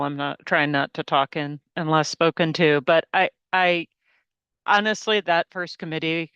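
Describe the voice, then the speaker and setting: A woman's voice: sits low, a bit bright, clear, resonant tone, no room sound, muffled recording. A woman on agency staff speaking earnestly in a virtual board meeting, hedging and repeating words as she explains.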